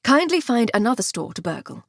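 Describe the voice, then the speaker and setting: A woman voicing an unflappable male manservant who speaks flatly and precisely, with a reproving tone. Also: fairly high pitch, a little fast, vocal fry, no room sound, studio quality, exaggerated voice. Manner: deadpan, flat and precise.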